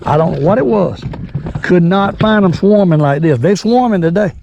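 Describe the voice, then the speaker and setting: An older man hosting a fishing vlog from a boat, folksy and excitable, repeating his exclamations. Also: sits high, normal speed, creaky, highs cut off, noisy background. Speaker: fishing channel host. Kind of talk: casual fishing vlog narration. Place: on a boat on a lake.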